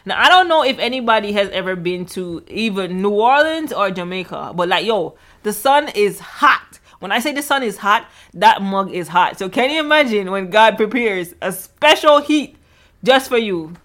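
A woman's voice: medium pitch, animated, moderate pace, a bit bright. A woman co-hosting a casual Bible discussion podcast, joking in slang and acting out the people in the story. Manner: playful slangy banter, acts out characters. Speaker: podcast co-host.

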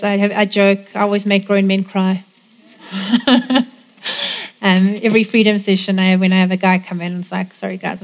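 A woman preaching a sermon, praying and declaring blessings over the congregation with emphatic repetition. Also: medium pitch. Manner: warm, declaring and emphatic, repeating phrases.

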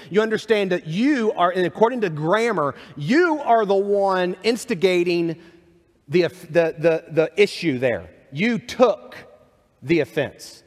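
A man preaching a sermon, reading scripture aloud and adding conversational asides. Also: on the high side. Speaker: pastor. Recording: long hall reverb.

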